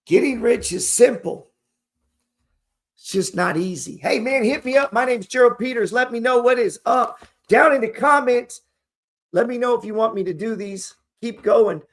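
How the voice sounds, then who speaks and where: A man's voice: extremely high pitch, moderate pace, fairly bright tone. A man hosting an investing channel, talking casually and motivationally to camera in a rambling, profane, slangy storytelling way.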